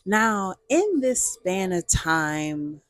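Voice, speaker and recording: A woman telling a casual storytime vlog with animated, oversharing delivery and playful spoken sound effects. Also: mid-range voice, very slow, no room sound, studio quality. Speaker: storyteller host.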